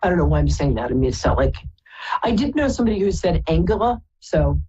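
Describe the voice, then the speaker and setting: A woman's voice: low voice, big pitch swings, fast talker, mellow, breathy edge, highs cut off. A woman from Brooklyn, hosting a live call-in psychic reading and calling callers darling and sweetheart. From Brooklyn, New York. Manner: affectionate, chatty, calls people darling and sweetheart. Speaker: psychic radio host.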